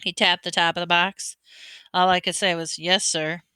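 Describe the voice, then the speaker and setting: Woman reading a kids' book out loud, bright and smooth, lively. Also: fairly low pitch, normal speed, no echo. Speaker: audiobook reader. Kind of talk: reading a children's novel aloud.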